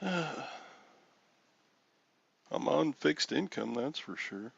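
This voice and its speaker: A man's voice: fairly high pitch, animated, drawn-out words, vocal fry, slightly rough, no room sound. A man in his sixties hosting a live stream in casual, rambling chat with an easygoing manner, on a dull lo-fi home recording.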